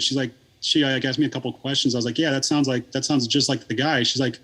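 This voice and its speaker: A man's voice: medium pitch, fairly even intonation, fast talker, hardly any pauses, pushed and bright, breathy edge. A man in his thirties, a podcast guest, telling a long story in casual, rambling talk full of swearing and fillers.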